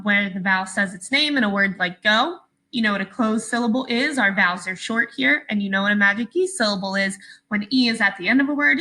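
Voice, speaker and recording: A woman teaching a phonics lesson for small children, speaking slowly and patiently and sounding out each word with care. Her voice has a bright, clear ring, and her pitch sits at a middle height for a woman. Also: rough recording.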